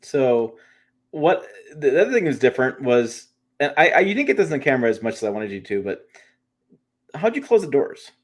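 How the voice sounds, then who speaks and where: A man co-hosting a pickup truck livestream in a loose, chatty way. He rambles, restarts his sentences often and leans on fillers while his voice stays at an ordinary mid pitch. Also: big pitch swings, fairly quick. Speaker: co-host of a truck show. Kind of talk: casual livestream chat.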